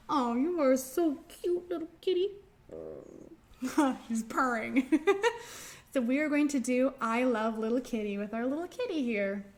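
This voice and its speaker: Slow, gentle woman leading a children's storytime. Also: sits high. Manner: gentle, encouraging, sing-song. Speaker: children's librarian. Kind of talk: storytime reading and finger rhymes.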